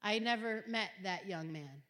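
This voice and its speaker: A middle-aged woman giving an earnest Christian talk to high school students, telling stories emphatically and swinging from quiet to loud. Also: a little slow. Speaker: guest speaker at a high school. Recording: long hall reverb.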